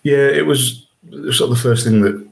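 A man's voice: mid-range voice, moderate pace, gravelly. A man co-hosting a podcast in casual chat, jokey and self-deprecating. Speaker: podcast co-host.

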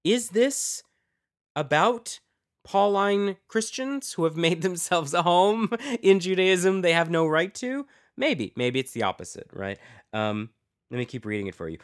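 A man's voice: sits high, expressive, unhurried, smooth. A man hosting a podcast, teaching informally on scripture, musing aloud and posing rhetorical questions to his listeners. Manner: reads scripture aloud with dramatic emphasis. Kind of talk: informal lecture with Bible readings.

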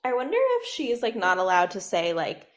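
A woman's voice: mid-range voice, wildly swooping pitch. Chatty woman hosting a gossip podcast. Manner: chatty, quick to jump between topics. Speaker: podcast host. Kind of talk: casual gossip chat. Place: home.

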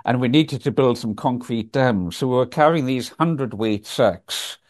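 A man's voice: medium pitch, unhurried. An older man, telling stories as an interview guest over a video call from his office, thoughtful and full of ums and restarts. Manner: reflective, frequent ums and restarts. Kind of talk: storytelling in a conversational interview.

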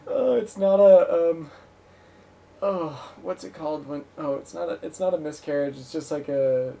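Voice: mid-range voice, moderate pace, gravelly, warm tone, distant mic, a little hiss or hum. A podcast host in a casual comedy chat, giggling often and trailing off mid-thought.

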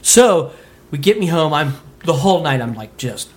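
A man from Utah telling a story on a comedy podcast, animated, laughing and swearing freely. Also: on the high side, moderate pace. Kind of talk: casual storytelling.

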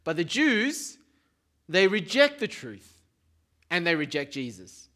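A man preaching a sermon in a relaxed, conversational way, often checking in with the congregation. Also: on the high side, takes it slowly. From Australia. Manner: informal, keeps checking in with "right?".

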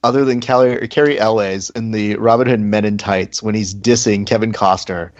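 A man's voice: lowish voice, fairly even intonation, moderate pace. Man, playful, teasing, theatrical delivery, slightly muffled lo-fi recording. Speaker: podcast co-host. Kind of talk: casual chat.

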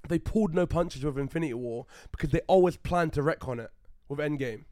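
A man's voice: a little high, a little fast, no echo, studio quality. A man co-hosting a casual podcast, talking animatedly and swearing a lot as he rants about films. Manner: animated, swears a lot, acts out loud mock quotes. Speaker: podcast co-host. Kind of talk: casual chat.

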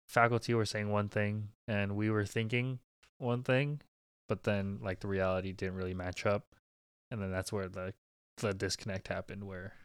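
A man's voice: fairly low pitch, clean tone, no room sound. Laid-back young man, dry close sound. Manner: easygoing, laid-back, fillers like "kinda" and "like". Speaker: medical student. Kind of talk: casual conversation.

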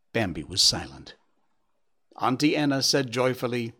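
A man narrating a storybook in a hushed, expressive reading that dips into near whispers. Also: mid-range voice, normal speed.

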